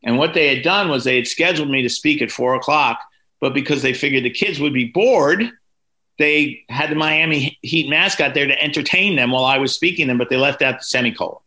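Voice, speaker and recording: A man in his sixties, an author, telling lively stories as a podcast guest and acting out the people he quotes. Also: a little fast. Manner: lively anecdotes, voices quoted people with big pitch jumps. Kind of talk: storytelling in a podcast interview.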